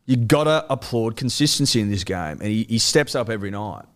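A man co-hosting a comedy podcast with dry, deadpan asides and casual swearing. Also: lowish voice, a little fast. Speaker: podcast co-host.

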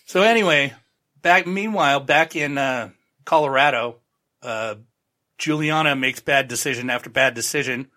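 A man hosts a podcast in an easy, rambling recap, dropping sarcastic asides as he goes. His voice is mid-pitched and bright, with a forceful edge. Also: normal speed. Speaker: podcast host. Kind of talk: casual recap of a TV show.

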